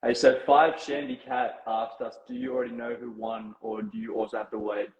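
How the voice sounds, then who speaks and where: A man's voice: medium pitch, fairly quick, highs cut off. Laid-back Australian guy in a roomy space. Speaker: reality show contestant reading fan questions. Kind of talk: casual chat.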